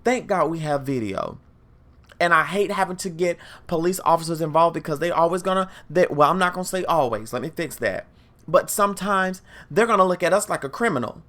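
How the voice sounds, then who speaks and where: A woman's voice: on the low side, expressive, a little fast, fairly bright tone. A woman hosting a podcast, telling a story in a monologue and speaking emphatically and directly to her listeners. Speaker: podcast host.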